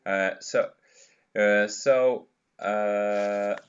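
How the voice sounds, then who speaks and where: Slow, halting man on a distorted call. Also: on the low side, steady tone, over music. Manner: hesitant, halting, many fillers. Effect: distorted, monster-like voice changer sound. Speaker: host of an online discussion hangout. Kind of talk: casual group video call chat. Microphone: video call. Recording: dull, faintly noisy call audio.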